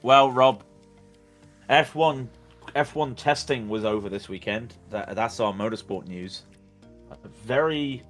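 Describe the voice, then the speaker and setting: A man's voice: mid-range voice, slow pace, pauses often, a bit bright, soft background music. A man commentating on a sim race in casual chat, rambling and joking with plenty of stammered restarts.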